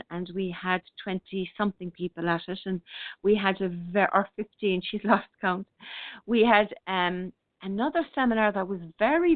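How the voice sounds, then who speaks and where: A middle-aged woman hosting an online radio show, speaking gently and hesitantly as she chats and reads out listener comments. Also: mid-range voice, dry recording. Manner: gentle, unhurried, with many hesitations and restarts. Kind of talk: casual spiritual talk, reading out listener comments. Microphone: online radio broadcast. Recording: thin phone-like line, dry.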